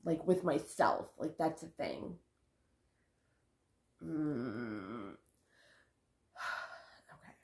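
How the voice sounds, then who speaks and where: Slow-talking low-voiced woman vlogger. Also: sing-song, creaky, darkish tone, echoey room. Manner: rambling, self-correcting, sighs and laughs. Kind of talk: casual spiritual vlog talk.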